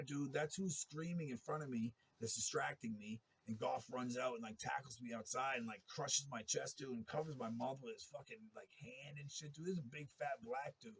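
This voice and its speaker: Gravelly, husky man ranting. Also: mid-range voice, fairly quick, hardly any pauses. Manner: profane, agitated, rambling. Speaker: interviewee telling his story. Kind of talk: rambling monologue.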